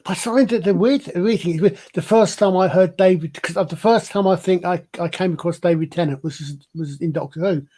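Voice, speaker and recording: A man's voice: high-pitched, brisk, few pauses, mellow. A man with a broad Glasgow accent chatting on a panel, hesitant and restarting his sentences often. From Scotland. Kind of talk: casual panel chat.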